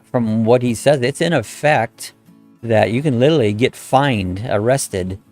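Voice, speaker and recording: A middle-aged man hosts a relaxed live-stream chat, reading out viewer comments and greeting people by name in a rambling, folksy way. His voice has a gravelly, rough edge. Faint music plays quietly behind him. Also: mid-range voice, a little slow.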